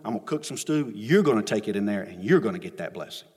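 A man's voice: on the low side, animated, fast talker, darkish tone, slightly rough, voice pushed down. A man acting out a scheming mother giving urgent orders, in a church hall with long reverb.

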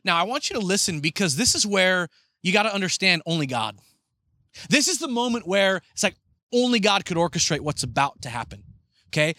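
A man preaching a sermon as pastor, retelling a story and acting out the characters' lines in a lively way. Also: sits high, brisk, no room sound.

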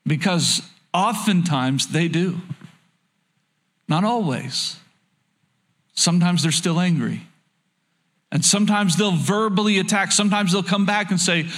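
A middle-aged male pastor preaching a sermon, earnest, dropping to soft low pleading and rising into urgent exhortation. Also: unhurried, long pauses.

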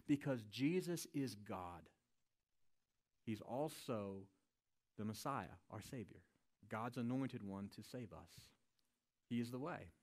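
Guy preaching, laid back and chatty, keeps tossing in a "right?", mid pitch voice. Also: animated, slow, long pauses, darkish tone. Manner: casual and conversational, often adds a questioning "right?". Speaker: pastor. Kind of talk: sermon.

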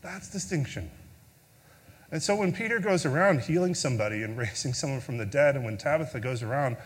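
A man's voice: mid-range voice, expressive, fast talker, in a large hall. A man preaching a sermon as a pastor, telling a story in a conversational way with filler words, then leading a prayer.

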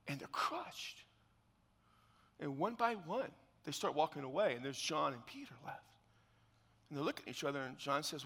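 A man preaching a sermon as pastor, telling a biblical story with animated, acted-out scenes and dropping to hushed tones for solemn points. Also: on the high side, normal speed, breathy edge, long reverb tail.

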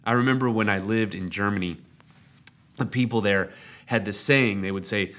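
Bright-voiced pastor preaching with animated emphasis. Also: male voice, fairly low pitch, moderate pace. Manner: animated, voices quoted complaints with rising intensity; conversational, personal asides. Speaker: lead pastor. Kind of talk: sermon.

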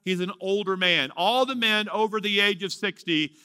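A man's voice: high-pitched, normal speed, bright, forceful tone, smooth, no echo, studio quality. A man in his fifties preaching a sermon, dramatically drawing out key words and acting out the lines of the story. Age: 50s. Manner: emphatic preaching, draws out key words, acts out dialogue. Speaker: pastor.

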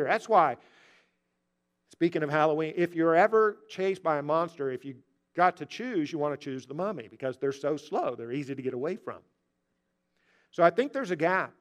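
A man's voice: high voice, fairly bright tone. A man in his sixties, a pastor, preaching a sermon and telling the story with wry humor.

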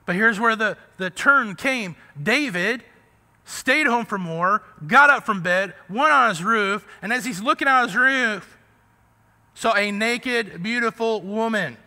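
A man's voice: sits high, a little slow, bright, forceful tone, big-room sound. A man preaching a sermon as pastor, talking to the congregation in a loose, conversational way and often checking in with "right?". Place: church sanctuary.

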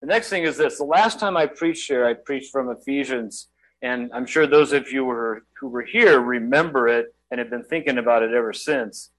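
A middle-aged man preaching a sermon in a conversational, self-deprecating way with quick asides. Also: mid-range voice, a bit bright, poor audio. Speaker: guest preacher.

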